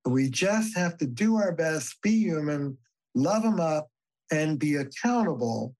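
Unhurried and on the high side, this older man's voice comes through a rough recording. He's a family therapist being interviewed on a podcast, telling stories in an animated, emphatic way while swearing casually.

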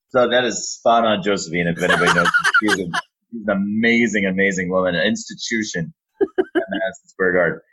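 A man who works as an arena announcer, telling animated stories in an interview. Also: low voice, a little fast, background noise. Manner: animated storyteller, lively, acts out quotes. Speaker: arena public address announcer. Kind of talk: storytelling in a podcast interview.

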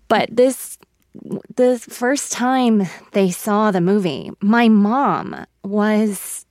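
A woman actor in her thirties being interviewed on radio, thoughtful and halting with soft laughs, close to tears. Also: medium pitch, animated, no echo. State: emotional, near tears.

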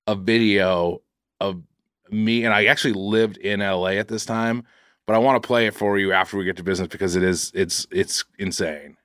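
A man's voice: fairly low pitch, normal speed, dry recording, studio quality. A man with a Boston accent co-hosting a podcast, telling stories in a casual, stammering way. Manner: stammering, animated storytelling. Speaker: podcast co-host. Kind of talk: casual chat.

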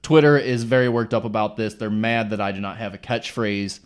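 A man's voice: on the low side, steady tone, brisk, clean tone. A young man who works as a radio broadcaster, guesting on a sports podcast with dry, wry humor. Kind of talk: casual sports chat.

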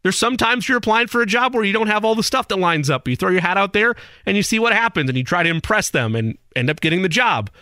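A man co-hosting a sports radio show, arguing his opinions in quick bursts on a studio mic. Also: high voice, animated, bright, forceful tone, dry recording. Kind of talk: casual sports radio chat.

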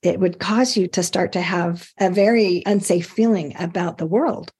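Husky-voiced woman hosting an interview. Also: fairly low pitch, steady tone, moderate pace. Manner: validating, reflective, gentle. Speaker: podcast host. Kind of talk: empathetic interview.

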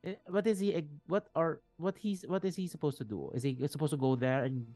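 A man's voice: a little high, a little fast, dark tone, dry recording, soft background music. A man running a tabletop game, chatty and checking in with players often. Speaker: game master.

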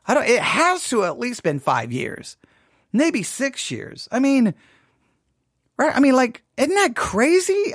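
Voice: medium pitch, no room sound. Podcast host rambling along, lots of repeats and "right?", dry close sound. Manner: rambling, repeats words, asks listeners rhetorical questions. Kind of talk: casual podcast commentary.

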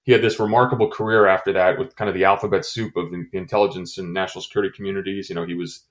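Deep-voiced man telling a story haltingly. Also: flat delivery. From United States. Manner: halting, many fillers and restarts. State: choked up. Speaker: guest, former intelligence officer. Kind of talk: recounting a personal story in an interview.

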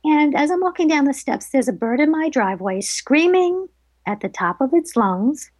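A middle-aged woman with a somewhat high voice tells stories in a relaxed interview. She is animated and acts out the people she quotes. The sound is close and dry, with no room around it. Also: normal speed, no echo. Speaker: psychic medium guest. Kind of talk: casual interview storytelling.

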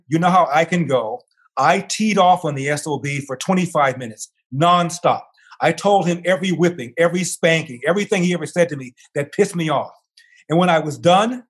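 An older man talking as an interview guest, telling a long personal story in an animated way and acting out the voices of the people in it. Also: a little high.

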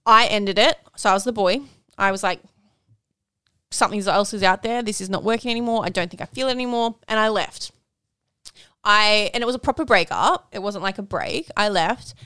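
A woman's voice: medium pitch, brisk, bright, forceful tone, clear, resonant tone, no room sound, studio quality. A woman, co-hosting a podcast and telling a personal story in casual chat, candid and swearing freely. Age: 30s. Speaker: podcast co-host.

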